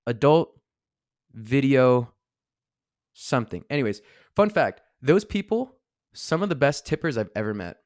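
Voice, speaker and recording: A man's voice: mid-range voice, very animated, a little slow, pauses often, no room sound, studio quality. A man co-hosting a casual podcast, rambling with lots of filler words and restarts. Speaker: podcast co-host. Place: studio seated across from co-host.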